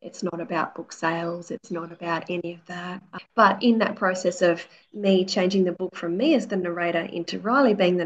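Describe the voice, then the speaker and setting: A woman in her forties, an author telling stories as a guest in casual interview chat, peppering her talk with "you know" and acting out quotes. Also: on the low side. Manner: chatty storyteller, many "you know"s, acts out quotes. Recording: slightly dull lo-fi audio.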